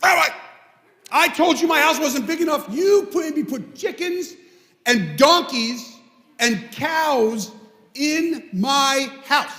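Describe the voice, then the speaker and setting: A man voicing an angry male farmer, indignant and exasperated, with the voice raised higher than his own. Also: animated, measured pace, hardly any pauses, bright, forceful tone, full character voice. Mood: complaining. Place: synagogue sanctuary. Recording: echoey hall.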